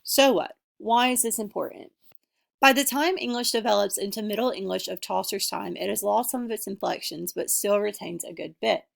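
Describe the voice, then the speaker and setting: Young woman, student presenter, reads from notes, earnest, very creaky. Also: medium pitch, brisk. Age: young adult. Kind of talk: class presentation, read from notes.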